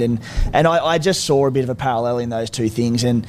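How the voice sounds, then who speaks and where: An Australian man gives laid-back, rambling sports analysis as a podcast co-host. His voice is mid-pitched, with a faint rumble of noise in the background. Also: fast talker, a little mellow. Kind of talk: casual sports chat.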